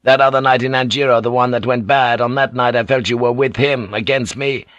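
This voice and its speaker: A male reader voicing a proud, brooding samurai husband who speaks in a stern, measured way. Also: medium pitch, fairly even intonation, a bit bright, no echo, muffled recording, voice pushed up, close to an everyday voice.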